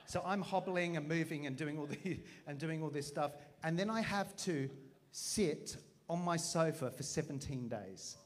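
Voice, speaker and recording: A man, preaching through a funny personal story with a self-mocking, animated manner and acted-out voices. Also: a little high, normal speed. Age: 40s. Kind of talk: storytelling sermon.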